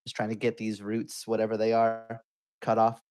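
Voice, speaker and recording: A man's voice: on the low side, monotone, normal speed. A man playing a tabletop game, describing his character's actions with a lot of hedging and fillers. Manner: hesitant, many fillers. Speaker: player.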